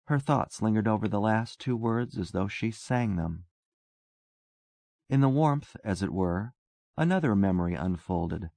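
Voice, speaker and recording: A man narrating a literary story in a calm, measured way. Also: fairly low pitch, creaky, no room sound. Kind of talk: scripted narration.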